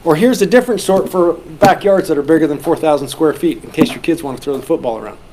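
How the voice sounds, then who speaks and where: High-voiced joking man teaching a class. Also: fast talker, background noise. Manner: animated, joking, acts out quoted lines. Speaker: real estate instructor. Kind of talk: classroom teaching with audience questions.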